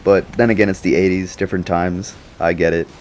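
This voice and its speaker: A man's voice: low-pitched, flat delivery, fairly quick, a little mellow, a little hiss or hum. Slangy young man rambling about a movie. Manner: slangy, rambling, laughs often. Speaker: YouTuber. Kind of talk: casual movie reaction commentary.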